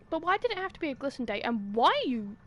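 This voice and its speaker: A woman's voice: high voice, slight background noise. A young British woman livestreaming a game, chatting and pleading with the characters in an exasperated way. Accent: British English. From Britain. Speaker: streamer. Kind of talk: gaming commentary.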